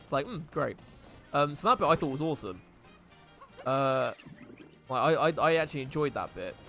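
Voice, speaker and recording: A man's voice: medium pitch, animated, a little fast, pushed and bright, faint music behind. Brief: man streaming a game, mid-range voice, loose rambling chat full of ums. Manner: rambling, with many fillers and restarts. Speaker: live streamer. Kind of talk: casual gameplay chat.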